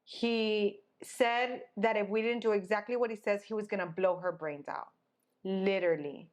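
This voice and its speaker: Picture a young woman co-hosting a casual podcast, telling her story with a lot of drama. Her voice sits at an ordinary middle pitch, and she acts out every person she quotes. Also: steady tone, normal speed. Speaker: podcast co-host.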